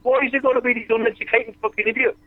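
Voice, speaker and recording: A man's voice: extremely high pitch, level tone, rapid-fire, no room sound. A man calling in to chat, blunt and sweary, firing questions at the host. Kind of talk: casual chat. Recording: tinny phone line.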